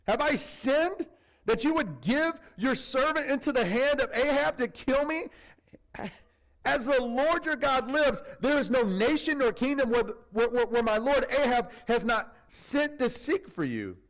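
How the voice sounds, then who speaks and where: Pastor doing a jittery scared servant guy, voice jumps way up high, loud and pleading. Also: animated, a little slow, heavily acted. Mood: indignant pleading. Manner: pleading, indignant, high-strung. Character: anxious frightened male royal servant, defensive.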